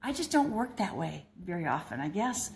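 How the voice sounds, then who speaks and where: An older Midwestern American woman, a blogger and speaker, addresses her readers in an earnest, personal reflection with frequent restarts. Her voice is on the low side and gravelly, with big pitch swings and a moderate pace.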